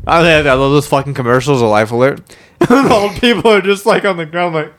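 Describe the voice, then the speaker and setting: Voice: medium pitch, a little fast. A podcast co-host in a casual comedic chat, laughing often and swearing freely. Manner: crude, laughs often, profane.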